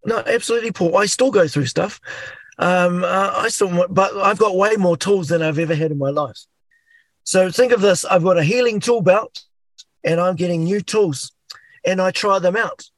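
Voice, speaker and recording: A middle-aged man with a New Zealand accent, a guest talking in an animated way and acting out inner voices. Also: high-pitched, moderate pace, no room sound. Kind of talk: casual chat.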